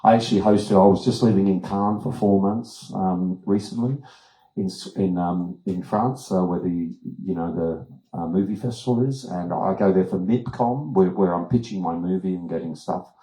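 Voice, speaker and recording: A man's voice: sits low, normal speed. An older man with an Australian accent telling anecdotes as a guest speaker, animatedly acting out voices, in an echoey room. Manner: animated storyteller, acts out voices. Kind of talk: anecdotal presentation. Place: wellness retreat room.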